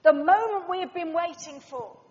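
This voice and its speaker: A woman preaching a sermon and telling a story dramatically, swinging from loud passages to hushed ones, in a dull-sounding reverberant hall. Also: very high voice, moderate pace.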